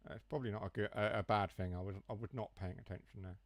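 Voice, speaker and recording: A young man from near Mansfield speaks with a broad Huthwaite accent, letting his H's and T's drop. His voice sits low, and the recording is dry and close, with no room around it. He rambles through jokey asides in a casual gaming-stream chat. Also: fairly even intonation, rapid-fire, dry recording. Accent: Huthwaite, Nottinghamshire. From Mansfield area, England. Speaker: train sim streamer.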